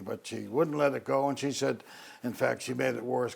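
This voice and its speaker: An older man from Newfoundland telling a personal Christmas story in an unhurried, wry way, with many pauses. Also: mid-range voice, steady tone, gravelly, husky.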